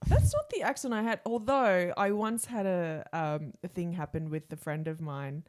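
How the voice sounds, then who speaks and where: A middle-aged Australian woman with a slightly low voice tells a long, wandering personal story on a podcast. She is chatty and reflective, circling back on herself as she talks. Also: lively intonation, moderate pace. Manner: rambling, self-reflective anecdotes. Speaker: podcast co-host. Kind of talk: casual chat.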